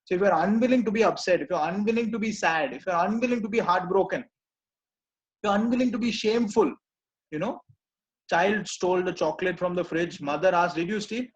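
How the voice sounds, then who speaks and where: A man coaching a live group, gently repeating reassuring phrases. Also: high voice, brisk, highs cut off. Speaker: personal growth coach.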